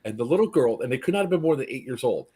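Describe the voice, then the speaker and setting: A man with a husky, mid-range voice talks very fast in casual conversation. He tells a story energetically, acting out the people in it with animated delivery.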